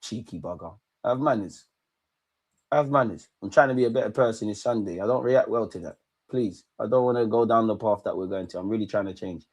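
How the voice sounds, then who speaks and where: A man streaming a live football watchalong, excitably shouting at players and the referee and bantering with his chat. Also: fairly low pitch, brisk. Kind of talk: live match reaction commentary.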